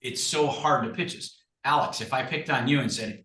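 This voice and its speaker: A man giving an emphatic, animated coaching talk as a guest, acting out sample conversations. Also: mid-range voice, normal speed, few pauses. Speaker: guest speaker, recruiting coach. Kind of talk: energetic coaching talk on a video call. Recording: echoey room.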